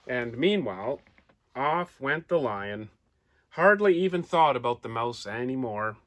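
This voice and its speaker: Male storyteller reading to children, lively, draws listeners in with questions and pictures. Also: medium pitch, unhurried. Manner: animated, asks listeners questions; points out pictures while telling.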